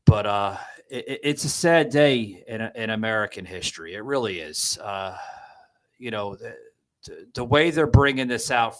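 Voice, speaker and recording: A man hosting a podcast, giving political commentary in a halting, distraught way with many restarts. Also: lowish voice, expressive, poor audio. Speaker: podcast host.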